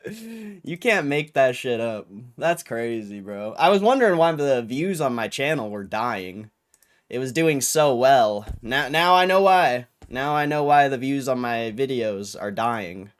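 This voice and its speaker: A man's voice: medium pitch, fairly bright tone, clean tone. A young man hosting a livestream, ranting in an annoyed, swearing way with frustrated laughs. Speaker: livestream host. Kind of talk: casual livestream rant.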